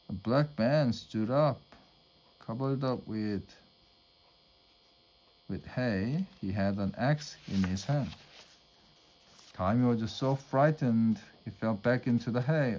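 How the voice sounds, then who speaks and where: A man reading a children's storybook aloud at a measured pace. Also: medium pitch, darkish tone. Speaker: storybook reader.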